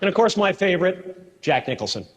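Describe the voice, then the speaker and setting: Playful joke-telling man, high and lively. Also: brisk, in a large hall.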